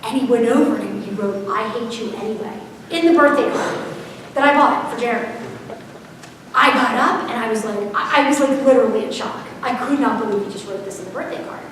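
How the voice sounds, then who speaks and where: A woman's voice: a little high, fairly quick, a bit bright. A woman giving a parenting seminar, telling stories in a chatty way and asking the audience questions. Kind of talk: conversational seminar talk. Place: large echoey hall. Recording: echoey hall recorded from far off, faint hiss.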